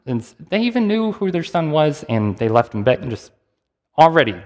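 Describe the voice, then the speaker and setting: A man's voice: a little high, moderate pace. A man preaching a sermon in a conversational, storytelling way, acting out the people in the passage as he goes. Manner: conversational, lively storytelling with acted-out quotes. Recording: long hall reverb.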